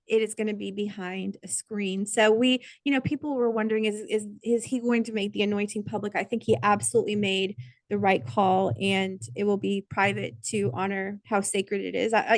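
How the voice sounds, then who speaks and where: Woman podcast host, mid-pitched, chatty and sincere, dry studio sound. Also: dry recording. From United States. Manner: chatty, many "like" fillers, earnest. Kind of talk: casual podcast chat.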